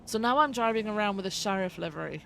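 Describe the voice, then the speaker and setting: A woman's voice: mid-range voice, lively intonation, quick pace, creaky, a bit bright, slight background noise. A woman streaming a police role-play game, chatting loosely and swearing freely as she greets her viewers by name. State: feels she is losing her voice. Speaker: streamer playing a police lieutenant. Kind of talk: casual live-stream chat and role-play.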